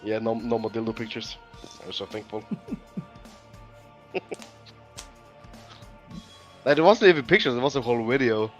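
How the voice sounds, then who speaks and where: A man's voice: mid-range voice, a little slow, pauses often. Man, casual chat, laughs a lot, stumbling restarts, slightly dull lo-fi sound, faint music. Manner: laughs often, stumbles on words. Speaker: guest on a hobby stream.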